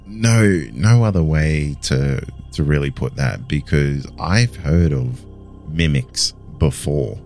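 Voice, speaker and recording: A man's voice: very deep voice, slow pace, a little mellow, faint music behind. A man hosting an interview, reacting with emphasis and stumbling a little as he asks his questions. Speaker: host.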